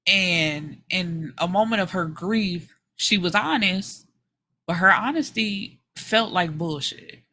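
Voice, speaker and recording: A woman with a bright, forward tone talks through a novel's plot on her book podcast. She is animated and frank, drops into the characters' lines as she tells it, and swears casually along the way. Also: fairly low pitch, slow. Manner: animated storytelling, slips into character quotes.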